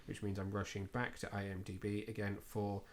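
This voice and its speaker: A man's voice: on the low side, completely flat delivery, a little fast. A man co-hosting a podcast, talking casually with lots of fillers and self-deprecating asides. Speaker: podcast co-host. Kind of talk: casual chat.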